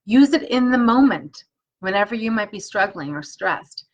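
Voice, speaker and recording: A woman coaching energy tapping on a live stream, guiding slow repeated affirmations and chatting encouragingly with viewers. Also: mid-range voice, animated, lo-fi sound. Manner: warm, encouraging chat with viewers.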